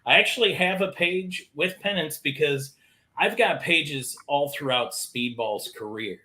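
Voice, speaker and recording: Bright-voiced enthusiastic man. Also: on the high side, unhurried. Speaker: co-host. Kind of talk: casual chat.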